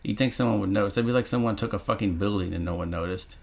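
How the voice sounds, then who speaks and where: A man's voice: on the low side, quick pace, vocal fry. A man co-hosting a podcast, chatting casually and sarcastically about a movie, swearing freely. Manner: sarcastic, profane. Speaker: podcast co-host.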